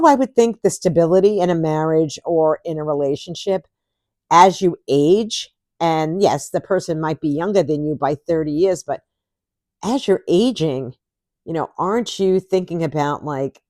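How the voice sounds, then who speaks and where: Lady vlogger gabbing away, kinda low voice, sarcastic, laughs a lot. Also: warm tone, dry recording, studio quality. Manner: chatty and sarcastic, laughs often. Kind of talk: casual chat to camera.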